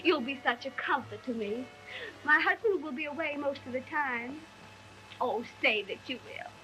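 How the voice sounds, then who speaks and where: A refined lady gushes theatrically in a 1930s screen comedy. Her voice sits high and bright, rising and falling in a sing-song way. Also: lively intonation, moderate pace, low-quality recording. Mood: gushing. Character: gushing genteel lady renting a house. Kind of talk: 1930s film comedy acting.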